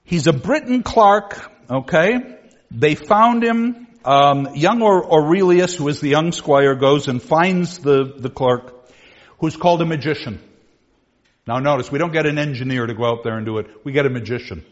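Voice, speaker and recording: A man lecturing on literature in a lively classroom style, animated and joking, with a theatrical delivery. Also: fairly high pitch, moderate pace. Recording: dull lo-fi recording.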